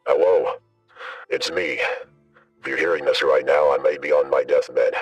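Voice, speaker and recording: A man using a deep voice changer filter to deliver a mock-solemn, dramatic farewell. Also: steady tone, normal speed, husky, no room sound, far from the mic, faint music behind, low-quality recording. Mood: mock-grave.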